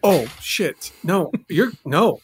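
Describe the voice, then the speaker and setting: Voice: medium pitch, lively intonation, takes it slowly, slight background noise. A performer voicing an evasive male store boss who hesitates, repeats himself and trails off. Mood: awkward.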